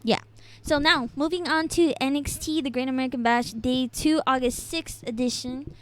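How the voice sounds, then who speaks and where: A woman's voice: high voice, normal speed, a bit bright, smooth. A young woman co-hosting a podcast, recapping the week casually, chatty and giggly with plenty of ums. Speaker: podcast co-host. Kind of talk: casual wrestling recap chat.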